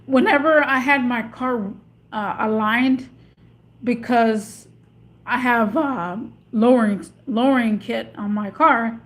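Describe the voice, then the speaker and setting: Chatty woman with a slightly high voice. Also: slow pace. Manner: chatty, meandering, searches for words. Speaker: vlogger. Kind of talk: casual rambling monologue. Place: in or beside a parked car.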